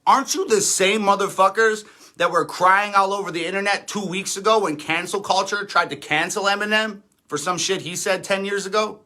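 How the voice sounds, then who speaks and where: A man's voice: high voice, moderate pace, pushed and bright. A man in his thirties, an independent rapper, ranting defiantly and sarcastically on a livestream, swearing often. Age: 30s. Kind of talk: livestream rant.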